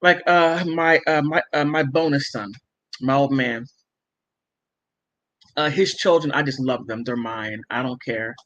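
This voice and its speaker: Woman, middle-aged, livestream host, casual chat, emphatic, laughs often, forceful tone, dull lo-fi audio. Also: extremely low pitch, a little slow, long pauses. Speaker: livestream host reading viewer comments. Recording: muffled lo-fi stream audio.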